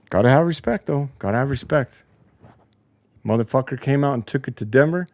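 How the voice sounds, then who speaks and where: A man in the middle of a heated, profanity-laced post-game basketball rant, sounding like a show host tearing into a team. His voice sits at an ordinary middle pitch. The recording is dry and close, with no room echo. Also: animated, brisk, a little mellow. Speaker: podcast host. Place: home basement studio.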